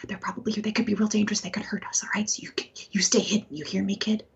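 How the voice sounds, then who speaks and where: A woman's voice: mid-range voice, fairly even intonation, fast, lightly acted. Woman playing a protective, frightened father. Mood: urgent whisper. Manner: whispering, then shouting threats. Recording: slightly dull lo-fi sound.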